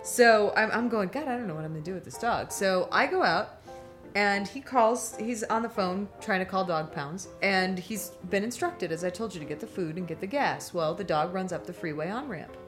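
On a talk show, a middle-aged woman tells a long, animated anecdote, laughing often and acting out the voices of the people in it. Her pitch is medium and her speed normal, with faint music behind her.

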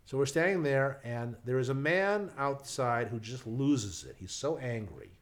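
A man telling a casual anecdote in an animated way, acting out the people in it. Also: medium pitch, measured pace. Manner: animated, acts out quoted voices, restarts. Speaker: storyteller guest.

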